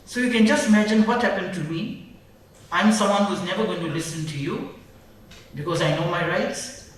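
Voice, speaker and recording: A woman's voice: on the low side, normal speed, a little hiss or hum. A woman from Nagaland, a human rights defender speaking emphatically and indignantly at a public panel, often repeating phrases. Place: large event hall. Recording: very echoey hall, mic far off.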